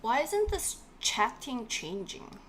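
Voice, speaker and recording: A woman teaching a live-streamed language lesson, animated, drilling words over and over and chatting with her viewers. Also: sits high, slow pace, slight background noise.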